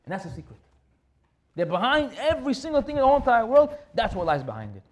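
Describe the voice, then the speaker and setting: A rabbi delivers a sermon in a very high-pitched voice at a quick pace. He tells stories animatedly, repeating key phrases for emphasis.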